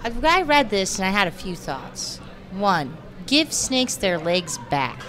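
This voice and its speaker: A young woman on a casual podcast panel, talking excitedly and rambling. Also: medium pitch, a little slow, noisy background.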